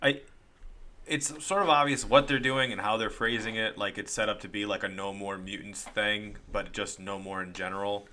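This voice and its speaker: Bright-voiced laughing podcast host. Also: male voice, on the low side, steady tone, normal speed, slight background noise. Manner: laughs often, retells scenes acting out lines. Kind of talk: casual chat recapping comics.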